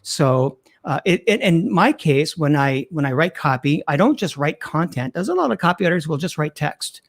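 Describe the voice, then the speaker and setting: A middle-aged man, a guest copywriter, talking in an interview with animated emphasis and frequent restarts. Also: a little high, normal speed, creaky. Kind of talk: interview conversation.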